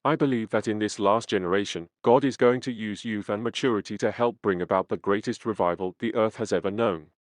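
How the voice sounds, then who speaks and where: Low-pitched male narrator, dry studio read, steady and earnest first-person memoir delivery. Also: a little fast, few pauses, no echo. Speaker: audiobook reader.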